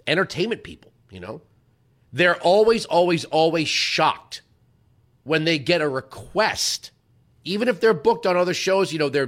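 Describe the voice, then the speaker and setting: A man's voice: on the high side, a bit bright. A man hosting a radio talk show, answering listener questions in a casual, rambling storytelling manner. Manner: conversational storytelling with many restarts and asides.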